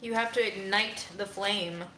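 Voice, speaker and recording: A woman's voice: mid-range voice, steady tone, unhurried, roomy sound, noisy background. A woman hosting a casual livestream from home, chatting and ranting to her viewers. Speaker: livestream host.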